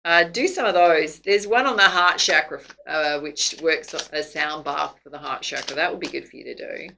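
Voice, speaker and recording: Woman, tarot reader, low-pitched, gravelly, chatty. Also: normal speed, slight background noise, poor audio. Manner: chatty, laughs often, warm affirmations. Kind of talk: tarot reading to camera.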